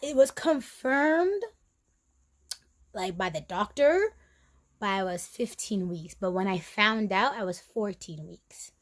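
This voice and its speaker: A woman's voice: mid-range voice, expressive, slow pace. A young woman telling a story to her viewers in a chatty, slangy way, a little out of breath, acting out what her friends said. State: a bit out of breath. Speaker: vlogger. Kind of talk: casual storytime vlog.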